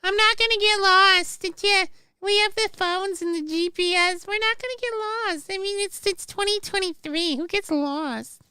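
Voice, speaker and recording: A man doing a shrill, overconfident tourist woman. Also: normal speed, sharp tone, dry recording, studio quality, exaggerated voice. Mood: breezy, dismissive. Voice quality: shrill falsetto.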